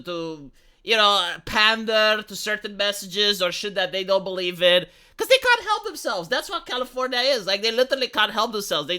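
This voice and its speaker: A man's voice: sits high, pushed and bright, smooth. A man giving heated opinion commentary, emphatic and swearing freely.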